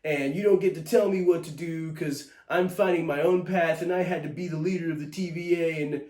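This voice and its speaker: A man's voice: a little high, fairly even intonation, a little fast, darkish tone, voice pushed up, lightly acted. A man doing a mocking impression of an arrogant, self-pitying woman leader who complains constantly. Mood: mocking whine. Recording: echoey room.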